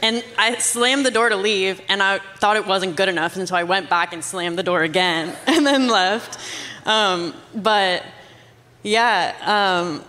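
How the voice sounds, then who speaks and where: Bright-voiced young woman, rambling chat. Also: mid-range voice, steady tone, a little slow, long reverb tail. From Canada. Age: young adult. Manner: rambling, fills speech with "like". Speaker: guest. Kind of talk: casual testimony chat.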